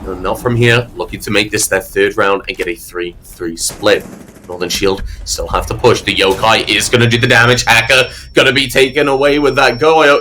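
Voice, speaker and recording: Bright-voiced male esports play-by-play caster. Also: medium pitch, a little hiss or hum. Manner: energetic, quick play-by-play calls. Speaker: esports commentator. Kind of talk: play-by-play commentary.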